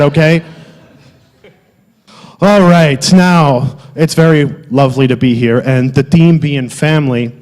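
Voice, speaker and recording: A man playing a loud, wisecracking South Philly alter ego with a thick Philadelphia accent, delivering a comic sermon. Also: on the high side, natural voice. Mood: rowdy. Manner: exaggerated, wisecracking, loud street-corner banter. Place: theatre stage. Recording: long hall reverb.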